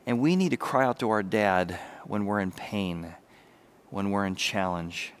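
A man preaching a sermon, animated, sometimes dropping to a soft, intimate voice. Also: fairly low pitch, unhurried. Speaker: pastor.

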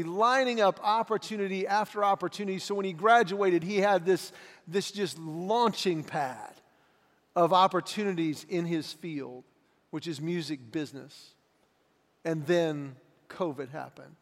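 A middle-aged man preaching a sermon as a pastor, telling stories in an animated way and acting out the voices he quotes. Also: sits high. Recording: echoey hall reverb.

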